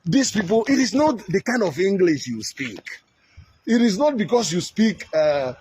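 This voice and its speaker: A heated Nigerian man delivers scornful commentary in a high voice, stumbling through fillers and restarts. Faint noise sits under the recording. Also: sing-song, moderate pace, darkish tone, rough recording. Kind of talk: ranting commentary.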